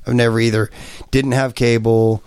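A man's voice: mid-range voice, flat delivery, moderate pace, darkish tone, clean tone, no room sound. Rambling joking man, dry sound. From Kansas. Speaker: podcast host. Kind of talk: casual chat.

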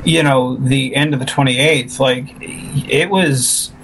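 A man who makes fan films, talking in a casual chat, animated and frustrated, often repeating himself as he vents. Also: medium pitch, takes it slowly, gravelly, a little hiss or hum, rough recording. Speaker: fan filmmaker.

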